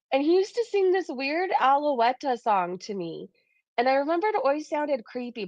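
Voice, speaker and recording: Woman on a livestream, gravelly fry in her voice, rambly chatty stories, dry dull lo-fi sound. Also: on the high side, no echo. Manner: rambling storytelling, laughs often. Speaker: livestream co-host. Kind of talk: casual livestream chat.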